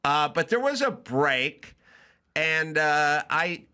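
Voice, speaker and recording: Man, comedian host, casual storytelling, lively pitch, bright tone, acts out both voices of a call. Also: slow, clear, resonant tone. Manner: animated, acts out both sides of a phone call. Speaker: podcast host.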